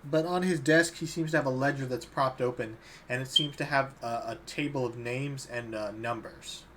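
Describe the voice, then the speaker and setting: A man's voice: mid-range voice, moderate pace, a bit bright, slight background noise. A young man running a tabletop game as dungeon master, narrating in a loose, casual way and laughing easily.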